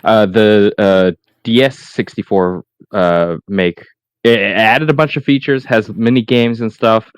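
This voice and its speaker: A man co-hosts a casual podcast chat in a thoughtful, measured way. His voice sits fairly low. The sound is dry and close. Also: clear, resonant tone, dry recording. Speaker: podcast co-host.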